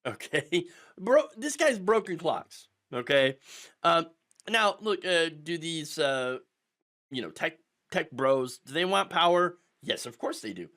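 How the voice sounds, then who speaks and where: A man hosts a political commentary show in a slightly high voice that swings widely in pitch. He talks sarcastically and with energy, checking in with "okay?" after nearly every point. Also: takes it slowly. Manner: animated and sarcastic, with constant "okay?" tags and mocking mimicry.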